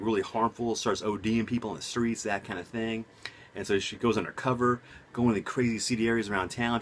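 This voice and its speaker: A young man talks in a fairly low voice, rambling from one side note to the next. He sounds excited and casual, like a home vlog. A faint hiss of noise sits behind him. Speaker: movie review vlogger. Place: home room.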